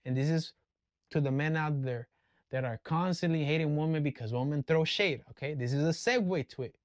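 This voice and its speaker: A man's voice: a little high, fairly quick, no room sound. A man ranting casually in a vlog, blunt and full of profanity. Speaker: vlogger. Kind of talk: casual rant.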